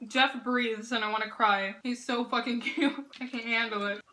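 A young woman hosting a casual reaction vlog, gushing and excitable, laughing often and swearing freely. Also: a little high, moderate pace, slight background noise. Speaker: reaction video host.

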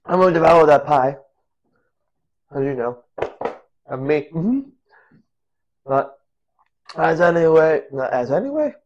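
A man's voice: fairly high pitch, expressive, takes it slowly, pauses often, darkish tone, highs cut off. Goofy man rambling through a cooking vlog. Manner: goofy, rambling, laughs at himself. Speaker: cooking vlogger. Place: home kitchen.

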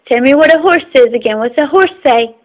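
A woman's voice: high-pitched, fairly quick, highs cut off. A mother patiently prompting her toddler with simple words and animal sounds, in a sing-song way on a home phone video.

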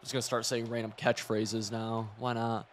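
A young man giving loose, excitable commentary while playing a football video game, chatty and profane, laughing often. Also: medium pitch, moderate pace, a little hiss or hum. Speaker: gaming streamer. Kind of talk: live gameplay commentary.

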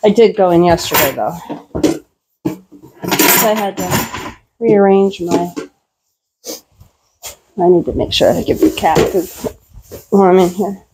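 A woman's voice: fairly low pitch, slow, pauses often, heavy background noise. A middle-aged woman chatting casually while doing farm chores in a barn, talking to her animals as she works. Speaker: homesteading vlogger.

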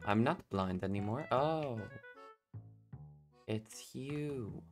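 A man giving excitable gameplay commentary, laughing often and talking to himself and his opponents. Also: mid-range voice, very slow, faint music behind. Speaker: gaming YouTuber.

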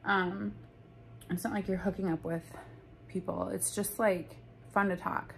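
A woman's voice: mid-range voice, fairly even intonation, measured pace, creaky, slight background noise. A young woman in a casual storytime vlog, talking bluntly and profanely with lots of "like". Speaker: vlogger.

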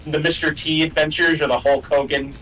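Bright-voiced young man gaming, off-mic. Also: on the high side, flat delivery, a little fast. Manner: rambling, filler-heavy, emphatic. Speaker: let's play co-host. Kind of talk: casual gaming chat. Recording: voice a bit far from the mic.

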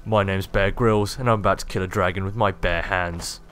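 A hearty, boastful wilderness adventurer, as a man does a quick impression announces himself with a bold, self-assured swagger. The voice sits a little low, with faint hiss behind it. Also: fairly even intonation, fairly bright tone.

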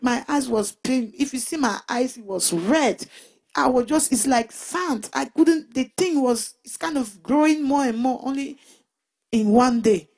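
A woman giving a personal Christian testimony in an emotional, halting way, often restarting and repeating her words. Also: sits high, a little mellow, breathy edge. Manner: emotional retelling.

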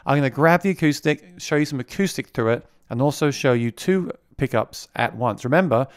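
A gear reviewer with a mid-range, clean voice speaks briskly in a casual demo of the mixer his vocal mic runs through. The recording is dry, with clean studio sound, and he chats along, repeating words as he restarts.

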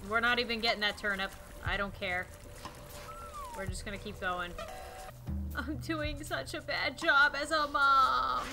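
A young woman commentating a game she plays, swinging between quiet sad musing and shrieking panic. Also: fairly high pitch, fairly even intonation, unhurried, long pauses. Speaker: gaming YouTuber. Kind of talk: let's play commentary. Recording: game music playing underneath.

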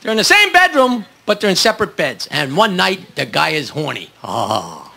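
A man doing stand-up comedy, firing off crude one-liners in a brash, rapid-fire manner on a club stage. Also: high voice, huge pitch swings, gravelly. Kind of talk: stand-up joke telling. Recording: live club recording, loud crowd and noise.

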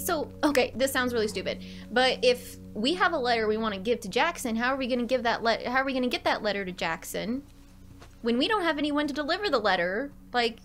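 A woman hosting a let's play, chatting casually and thinking aloud, now and then dropping to soft asides. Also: a little high, a little hiss or hum. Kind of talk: casual gameplay commentary.

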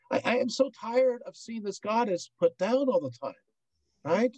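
Slow-talking playful male lecturer. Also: high-pitched, animated, a little mellow, no echo, poor audio. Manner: playful, full of rhetorical questions and asides. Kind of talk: informal public lecture.

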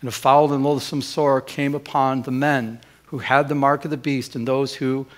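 At a moderate pace and in a mid-range voice, a middle-aged man preaches as a pastor. He tells a personal story, bringing the dialogue to life and restarting many times.

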